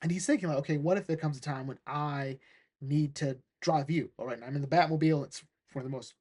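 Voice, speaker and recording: A man giving a casual recap of a comic book, animated and quick to laugh, acting out the characters' lines as he goes. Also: a little high.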